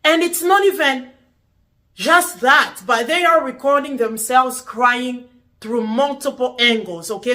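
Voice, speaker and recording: Bright-voiced woman vlogging with earnest puzzlement. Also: sits high. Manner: earnest, repetitive, puzzled questioning. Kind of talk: casual talking-to-camera vlog.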